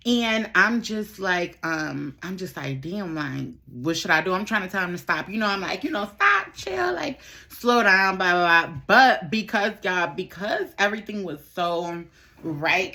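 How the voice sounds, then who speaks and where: A woman's voice: on the low side, pushed and bright. A young woman, telling a candid storytime, chatty, swearing freely and repeating her phrases. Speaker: vlogger. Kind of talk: casual storytime while doing makeup.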